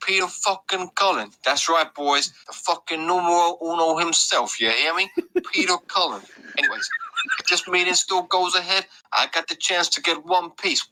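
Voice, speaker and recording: A man's voice: sits high, bright, forceful tone, a little hiss or hum, heavily acted, low-quality recording. A man voicing a brash, foul-mouthed male mobster boss in a swaggering, tough-guy put-on accent. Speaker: listener sending a voice message.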